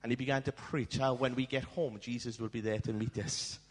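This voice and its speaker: Husky preacher in an echoing hall. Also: male voice, mid-range voice, steady tone, a little fast. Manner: dramatic, swings from hushed to shouting. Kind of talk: storytelling sermon. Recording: long hall reverb.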